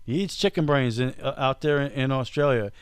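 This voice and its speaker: A man hosting a casual comedy podcast, teasing his co-host, talking in quick bursts and laughing often. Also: medium pitch, smooth, no room sound, studio quality.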